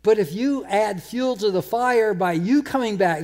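A man preaching a sermon, emphatic, repeating words and slowing down to quote scripture. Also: sits high, darkish tone. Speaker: pastor.

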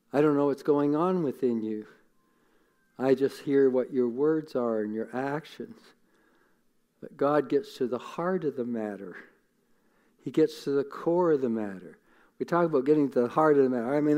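A man's voice: medium pitch, darkish tone. A man preaching a sermon in an earnest, conversational way, often repeating words as he thinks. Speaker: pastor.

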